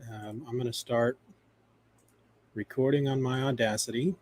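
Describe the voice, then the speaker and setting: A man's voice: medium pitch, fairly even intonation, normal speed, darkish tone, dry recording. A man co-hosting a podcast from home, chatting loosely and jokingly with lots of restarts. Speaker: podcast co-host. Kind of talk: casual behind-the-scenes chat.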